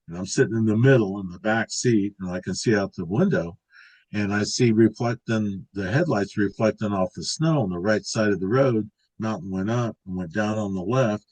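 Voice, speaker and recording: A man in his sixties, appearing as an interview guest, casually recounts a long story about an encounter, rambling with restarts and filler words. His voice is fairly low, a little mellow and slightly rough, and the audio quality is poor.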